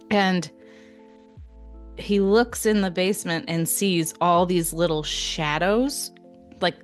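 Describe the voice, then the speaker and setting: A young adult woman telling a story on a podcast in a lively, chatty way, laughing often and filling gaps with fillers. Her voice sits fairly low for a woman, and faint music plays under her talk. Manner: animated, laughing retelling with many fillers. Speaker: podcast co-host. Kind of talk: casual storytelling chat.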